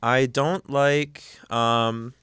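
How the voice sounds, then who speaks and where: A man's voice: mid-range voice, fairly even intonation, drawn-out words, fairly bright tone, clear, resonant tone, no echo, clean studio sound. A young man with a Midwestern American accent, co-hosting a casual chat in a laid-back, thoughtful way with some hesitant fillers. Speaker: podcast co-host.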